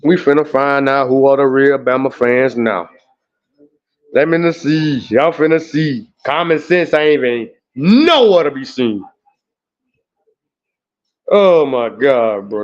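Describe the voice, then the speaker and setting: Guy ranting on his live stream, high voice, lots of oohs and lord have mercys, muffled lo-fi sound. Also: unhurried. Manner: animated, exclaiming, laughing and groaning. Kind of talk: emotional live stream commentary. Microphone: home streaming setup.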